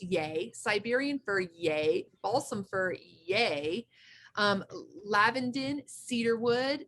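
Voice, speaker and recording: A woman's voice: medium pitch, fairly bright tone. A woman co-hosting a casual chat, effusive and enthusiastic, often restarting her sentences. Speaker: co-host.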